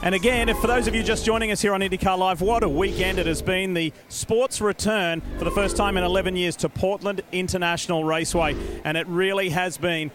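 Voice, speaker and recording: An Australian man hosts a live racing broadcast with upbeat emcee patter. His voice sits high for a man, with faint music playing behind him. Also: fairly even intonation, a little fast, hardly any pauses. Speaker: broadcast host. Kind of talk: live motorsport broadcast hosting.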